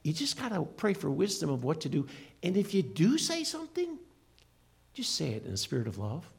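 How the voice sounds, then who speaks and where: Gravelly, lively preaching man. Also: fairly high pitch, fairly quick. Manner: earnest, emphatic preaching with rising and falling delivery. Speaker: pastor. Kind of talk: sermon.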